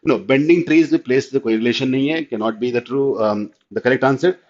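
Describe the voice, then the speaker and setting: A man with an Indian English accent teaching an online class, explaining step by step and often asking whether it is clear. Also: mid-range voice, rapid-fire. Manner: explanatory, checks understanding with repeated "clear?", mixes in Hindi. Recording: slightly dull lo-fi audio.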